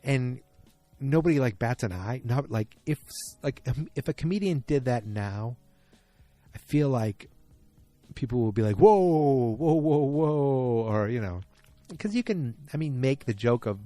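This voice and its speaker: A man's voice: medium pitch, moderate pace, mellow, no room sound, faint music behind. A man hosting a casual solo podcast, recapping an episode in a rambling, self-correcting way. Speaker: podcast host.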